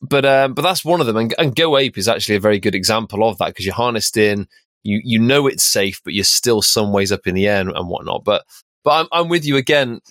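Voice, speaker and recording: A lower-pitched man on a podcast, recorded dry and close to the mic with no room around him. He reflects out loud, asking himself one question after another as he works through a thought. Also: expressive, quick pace, dry recording. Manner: reflective, thinks aloud with rhetorical questions. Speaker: podcast co-host. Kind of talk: casual conversational discussion.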